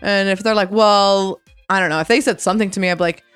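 A woman's voice: mid-range voice, fast talker, smooth, dry recording, faint music behind. Blunt, ranting sick woman. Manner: blunt, animated ranting with acted-out quotes. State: sick, congested. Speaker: podcast co-host. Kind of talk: casual chat.

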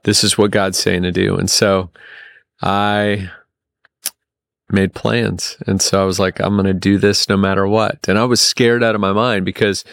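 Low-voiced guy rambling thru a trip story on a podcast, dry close mic, lots of ums and restarts. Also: gravelly, no echo. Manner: rambling, many restarts and fillers, animated when quoting. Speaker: podcast guest. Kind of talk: storytelling in casual chat.

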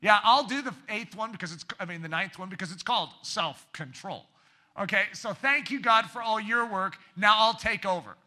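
A man preaching a sermon, animated, shouting for emphasis and dropping to quiet asides. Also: high-pitched, moderate pace. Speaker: pastor.

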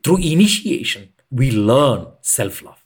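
A man who leads retreats, speaking as a podcast guest in an earnest, reflective way and pausing to stress his points. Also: mid-range voice, very animated, slightly rough. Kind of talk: reflective conversational explanation.

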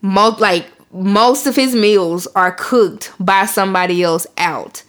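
A woman, co-hosting a podcast in casual chat with profane, animated storytelling. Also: medium pitch, takes it slowly. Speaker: podcast co-host.

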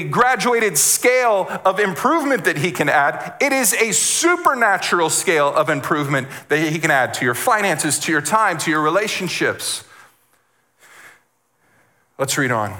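A man preaching as a guest speaker, animated, repeating words and acting out the voices he quotes. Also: on the high side. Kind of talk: sermon.

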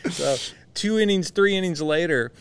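A man, a guest pastor, chatting casually and telling animated stories, acting out the quotes as he goes. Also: high voice, normal speed, noisy background. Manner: animated anecdote teller, acts out quotes. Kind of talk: casual storytelling chat. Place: conference venue.

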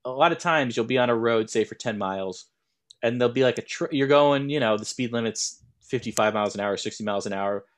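A man's voice: mid-range voice, fast. A young man co-hosting a podcast in casual chat, rambling with many restarts. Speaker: podcast co-host.

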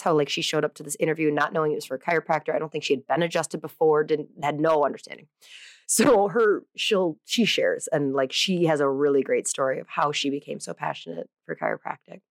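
A woman's voice: on the low side, dry recording. Chatty woman podcast host, dry sound. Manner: chatty and animated, full of fillers and self-corrections. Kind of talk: casual solo podcast intro.

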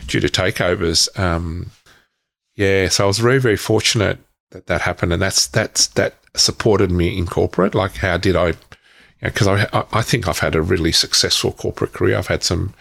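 A middle-aged man, a podcast guest, telling his life story frankly, with halting restarts and the odd swear word. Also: low voice, gravelly, fairly bright tone. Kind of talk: candid personal storytelling.

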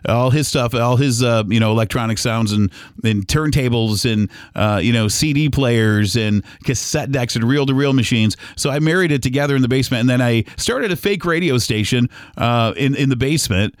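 Middle-aged male host from Ohio, casual meandering storyteller, mid pitch, dry close sound. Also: clear, resonant tone, dry recording. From Toledo, Ohio. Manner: rambling, with many fillers and restarts. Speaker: podcast host. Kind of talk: casual reminiscing monologue.

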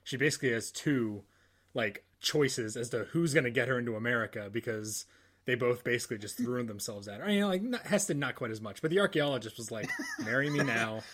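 A man's voice: medium pitch, fast, a bit bright. Casual man recapping a movie plot. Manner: casual, says like often. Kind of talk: casual film discussion.

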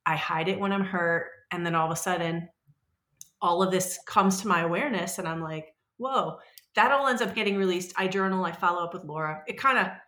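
A woman in her forties talks in a casual, rambling way and gets animated as she acts out quoted voices. Her voice is bright and forceful and sits a little low for a woman. It sounds echoey, as if recorded in a bare room. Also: fairly quick. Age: 40s. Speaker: podcast guest. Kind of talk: casual conversational storytelling.

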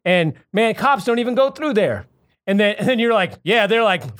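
A man's voice: high voice, lively intonation, moderate pace, fairly bright tone. A man arguing heatedly in a casual podcast debate, acting out quotes. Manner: argumentative, acts out quotes in character voices.

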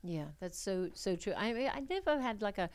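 A woman's voice: mid-range voice, expressive, fairly quick, clear, resonant tone. A middle-aged woman, a talk show guest, speaking frankly and emphatically about her life. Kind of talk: casual interview chat.

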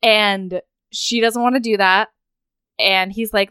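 A woman's voice: mid-range voice, fairly even intonation, slow pace, bright, forceful tone, clean tone, dry recording, studio quality. A woman co-hosting a casual chat, animatedly retelling a book's plot and acting out the characters' lines. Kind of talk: casual book recap chat.

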